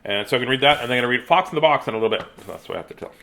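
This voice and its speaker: A man's voice: medium pitch, animated, racing, gravelly, sharp tone. A middle-aged man chatting playfully with young viewers at home and reading a storybook aloud. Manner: chatty, playful, rambling, greets viewers by name. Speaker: children's storybook reader. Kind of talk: casual live-stream chat and read-aloud.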